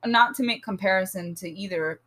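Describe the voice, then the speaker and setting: A woman in casual conversation with a friend, blunt and full of profanity. She talks in an animated way and laughs easily. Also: mid-range voice, a little fast, a little hiss or hum. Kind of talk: casual chat.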